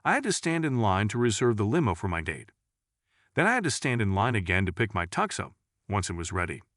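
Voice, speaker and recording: Lively man reading jokes. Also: lowish voice, a little fast, no echo, clean studio sound. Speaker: joke narrator. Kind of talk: scripted joke reading.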